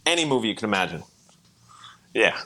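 A man with a bright, forceful voice talks eagerly on a podcast. He rushes through his points in quick bursts and laughs easily along the way. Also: fairly low pitch, big pitch swings. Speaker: podcast co-host. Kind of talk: casual chat.

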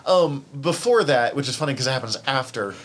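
A man's voice: medium pitch, lively intonation, fairly quick, fairly bright tone. A man co-hosting a podcast, chatting casually and candidly about a TV show, often rambling and emotional. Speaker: podcast co-host. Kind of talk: casual chat.

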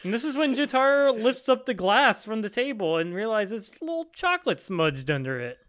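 Bright-voiced person chatting and giggling. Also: mid-range voice, very animated, moderate pace. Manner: giggly, quotes characters. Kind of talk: casual anime discussion.

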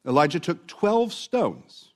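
A man's voice: on the high side, wildly swooping pitch, slow. A male pastor. He talks earnestly and keeps building to emphatic, repeated phrases. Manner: earnest, rising to emphatic preaching with repetition. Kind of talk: sermon.

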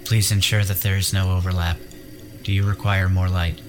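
Man playing a synthetic guide, flat monotone, formal and clipped, very low, soft music behind. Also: moderate pace, natural voice. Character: monotone synthetic orb guide, sexless, cold.

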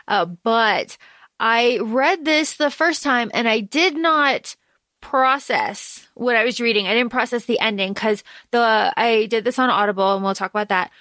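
A woman co-hosting a book podcast, telling stories in an animated, rambling way with restarts. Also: on the high side, measured pace, no room sound. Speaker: podcast co-host. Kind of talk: casual chat.

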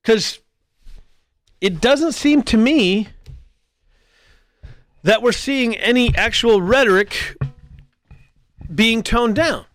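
High-voiced man delivering political commentary. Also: takes it slowly, pauses often, a bit bright, dry recording. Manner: argumentative, with mocking mimicry of squabbling voices. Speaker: podcast host.

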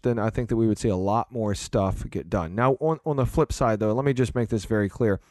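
A man's voice: mid-range voice, a little fast, a little mellow, dry recording. Earnest male podcast host, dry sound. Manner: earnest, rambling with restarts and fillers. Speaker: podcast host, church leader. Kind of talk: casual podcast chat.

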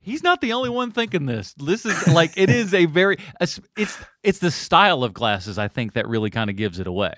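A man's voice: on the high side, a little fast, hardly any pauses, dry recording. Guy hosting a podcast, bouncy up-and-down voice, kinda rambly, dry sound. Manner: animated, rambling, with restarts. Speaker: podcast host reading listener questions. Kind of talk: casual chat.

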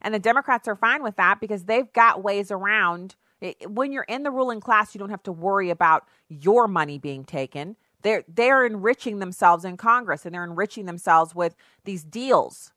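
A woman's voice: medium pitch, expressive, moderate pace, hardly any pauses, pushed and bright, dry recording, clean studio sound. A woman hosting opinionated political commentary, sarcastic and emphatic, with rhetorical questions.

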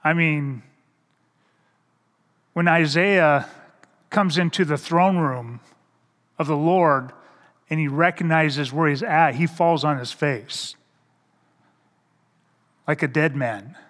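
A middle-aged male pastor preaches in a fairly high voice, taking his time. He stumbles over and repeats words and keeps asking the congregation questions. His voice carries the long ring of a church sanctuary. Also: a bit bright. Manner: slow, halting delivery with repeated words and rhetorical questions. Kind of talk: sermon. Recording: reverberant hall.

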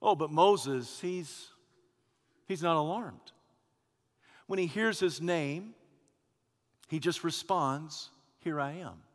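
A man preaching a sermon in a church sanctuary, dramatic and swinging between loud passages and hushed ones. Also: fairly high pitch, slow pace, long pauses. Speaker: pastor. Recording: long reverb of a church hall.

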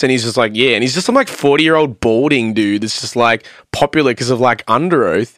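On a podcast, a vocalist-producer guest tells loose, meandering studio stories, leaning hard on "like" and performing the quotes. His mid-range voice is a little fast and slightly bright, with no room sound at all.

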